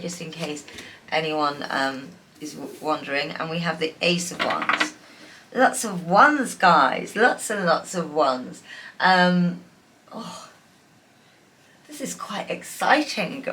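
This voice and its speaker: Bright-voiced chatty woman tarot reader. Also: on the low side, a little hiss or hum. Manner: chatty, affectionate, many fillers and restarts. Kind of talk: casual tarot reading.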